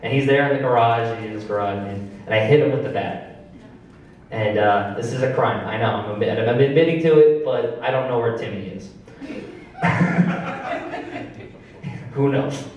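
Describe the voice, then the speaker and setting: A man doing stand-up comedy on a club stage, telling a story about his family with casual, deadpan asides. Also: medium pitch, measured pace, pauses often, dull audio. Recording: echoey club from a distance. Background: audience laughter.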